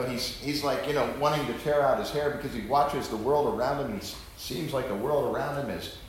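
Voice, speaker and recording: A man's voice: medium pitch, slight background noise. A man preaching an earnest Bible teaching, pressing his points with rhetorical questions. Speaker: pastor teaching. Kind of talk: sermon-style Bible teaching. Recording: echoey room.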